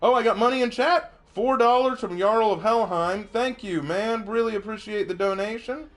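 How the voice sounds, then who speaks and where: A man streaming gameplay, reading chat aloud and thinking out loud as he plays, chatty and quick to laugh. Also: high-pitched. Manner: chatty, excitable, laughs often, talks to himself. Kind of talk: live gameplay commentary.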